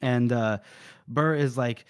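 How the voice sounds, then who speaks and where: A man's voice: medium pitch, slow pace, clear, resonant tone, no echo, clean studio sound. A man co-hosting a casual book podcast, retelling scenes animatedly, swearing and acting out the lines. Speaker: podcast co-host.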